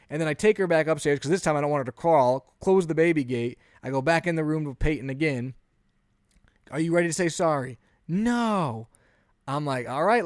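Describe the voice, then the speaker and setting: A man in his thirties, a podcast co-host telling an animated story in a casual chat, often acting out what he said. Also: fairly high pitch, dry recording, clean studio sound.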